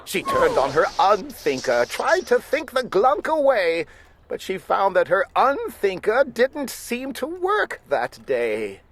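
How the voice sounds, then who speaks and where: A woman reading a rhyming children's storybook aloud, taking it slow and unhurried. Her voice leaps widely up and down with a playful, animated bounce. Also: mid-range voice, a little hiss or hum.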